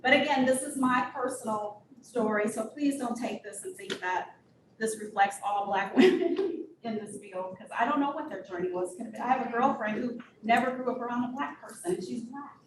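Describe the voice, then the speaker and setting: A woman's voice: a little high, normal speed. A woman speaking candidly to a meeting, telling a personal story and laughing often. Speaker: guest speaker. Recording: echoey room from far off with noise.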